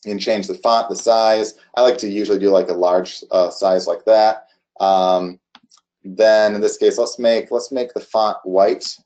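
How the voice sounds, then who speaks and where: Mellow-voiced man demoing software. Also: lowish voice, steady tone. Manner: halting, many restarts and fillers. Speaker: software demo presenter. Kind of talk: casual screen-share walkthrough.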